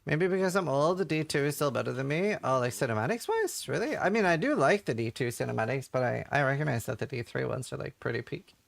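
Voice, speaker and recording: A man's voice: medium pitch, expressive, quick pace, vocal fry, hardly any pauses. A man chatting casually as a streamer while playing a game, slangy and playful. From Norway. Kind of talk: casual gaming commentary.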